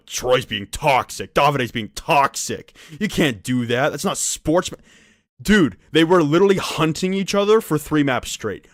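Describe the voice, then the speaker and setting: Guy ranting on a podcast, swears a lot, voice jumps all over, kinda high, dry sound. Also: no room sound. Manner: profane, animated ranting. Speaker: podcast co-host. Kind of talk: casual podcast chat.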